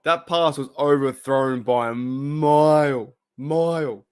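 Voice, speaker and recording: With a smooth, mid-range voice and a slow pace, this Australian-accented man runs a fan watch party. His commentary is casual and excitable, full of cheers and groans at every play.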